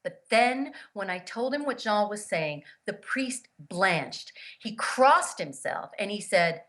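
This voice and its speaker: Bright, forceful woman telling a story. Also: mid-range voice, takes it slowly. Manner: lively storyteller who acts out the voices of the people she quotes; earnest and emphatic. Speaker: guest, grief therapist and author. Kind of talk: personal storytelling in an interview.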